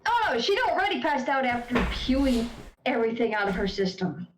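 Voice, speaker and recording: A woman player chats about her character in casual tabletop play. Her voice is high and lively, swooping up and down, and she laughs easily. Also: fairly quick, echoey room, noisy background.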